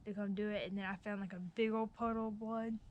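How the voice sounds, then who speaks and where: A shy thirteen-year-old girl tells her story hesitantly, full of ums and likes. Her pitch is ordinary for her age, and a faint background hiss runs under her voice. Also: fairly even intonation, quick pace, lo-fi sound. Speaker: interviewee. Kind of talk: casual storytelling.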